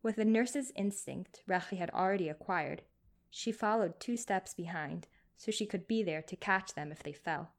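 A woman narrating a story in a measured, gently expressive reading. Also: lowish voice.

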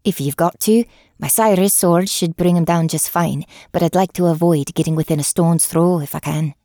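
A woman doing a breathy Irish huntress. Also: lowish voice, normal speed, warm tone, no echo, studio quality, lightly acted. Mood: cheery. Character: eager female hunter with light breathy voice.

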